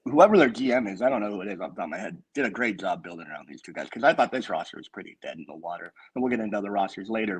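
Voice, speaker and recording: Husky, opinionated sports podcast man. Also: fairly low pitch, rough recording. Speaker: podcast co-host. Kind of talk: casual sports chat.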